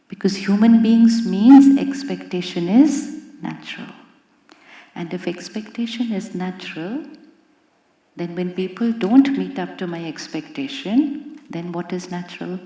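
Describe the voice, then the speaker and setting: A woman's voice: lowish voice, dark tone. Indian woman teaching in an echoey hall. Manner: asks the audience many rhetorical questions. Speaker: spiritual teacher. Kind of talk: spiritual talk to a live audience. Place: large hall with an audience.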